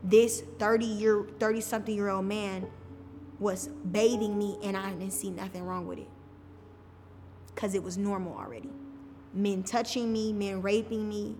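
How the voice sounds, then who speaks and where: A woman telling her own story on a podcast, casual and candid, often saying "like". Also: medium pitch. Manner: casual, frequent "like" fillers. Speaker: podcast guest. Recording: reverberant room with faint music.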